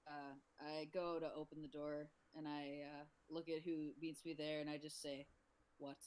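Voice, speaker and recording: Mid-pitched player, terse, dry replies. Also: level tone, normal speed, a little mellow, poor audio. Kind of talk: casual tabletop play.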